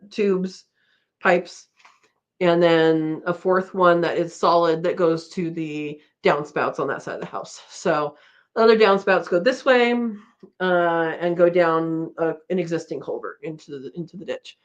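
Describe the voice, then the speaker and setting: A woman's voice: on the low side, unhurried. A middle-aged woman hosting a casual live-stream chat, rambling and laughing often as she reads out comments. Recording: dull lo-fi stream audio.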